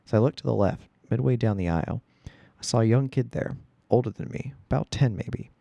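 A man reading a first-person story aloud in a steady, plain storytelling manner. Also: mid-range voice, a little fast, vocal fry, dry recording, dull audio. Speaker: reader.

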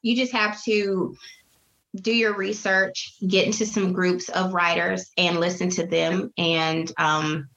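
Woman, casual interview chat, bright voice, dull lo-fi sound. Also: fairly low pitch, takes it slowly. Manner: chatty, lively, acts out quoted voices. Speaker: guest, children's book author.

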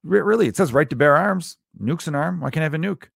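A man's voice: fairly high pitch, expressive, fast talker, vocal fry, husky, no room sound, clean studio sound, exaggerated voice. A man voicing a brash, boastful Southern gun-rights man, in a mocking Southern accent. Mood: boastful indignant. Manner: loud, boastful, indignant. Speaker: comedian.

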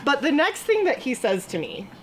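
Her voice sits high and swings widely as she tells a funny story live on stage. She chats along, laughs a lot and acts out the lines people said to her. A faint hiss runs under her voice. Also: big pitch swings, normal speed. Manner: chatty, laughing often, acts out quoted lines. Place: stage before a live audience.

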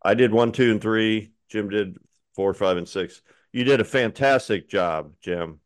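A man co-hosting a casual podcast chat, relaxed and encouraging, with frequent fillers. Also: fairly low pitch, unhurried, dry recording, clean studio sound. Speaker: podcast co-host.

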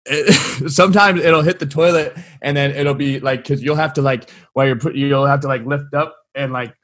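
A man's voice: medium pitch, fairly even intonation, normal speed, a bit bright. A man co-hosting a crude comedy podcast, rambling through gross stories with lots of fillers and easy laughter. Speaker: podcast co-host.

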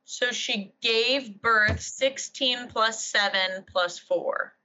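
A woman's voice: on the high side, very slow, bright, forceful tone. A woman in her twenties co-hosting a casual, joking chat show, often trailing off mid-thought. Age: 20s. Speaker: co-host. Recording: dull lo-fi sound.

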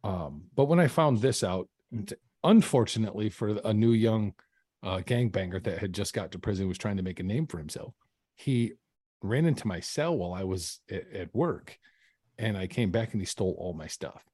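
A man's voice: lowish voice, lively intonation, normal speed, a little mellow, husky, no echo, studio quality. A man, a podcast guest, telling a personal story in an interview, earnest and often restarting his sentences. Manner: earnest, frequent false starts and repeats.

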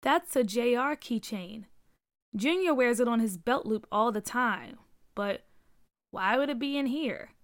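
A woman voicing an earnest young boy who calls out in high, excited cries. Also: unhurried, dry recording, studio quality. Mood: puzzled.

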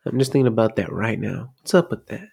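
A man's voice: fairly low pitch, lively intonation, quick pace, creaky, darkish tone, slightly rough. A man casually recapping a film plot, rambling and swearing freely as he goes.

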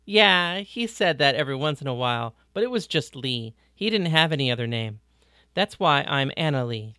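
A reader voicing Paris, a blunt, warm woman from a ranch, in an audiobook. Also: medium pitch, lively intonation, normal speed, dry recording, clean studio sound. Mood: chatty. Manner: breezy, teasing, plain-spoken. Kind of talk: audiobook reading.

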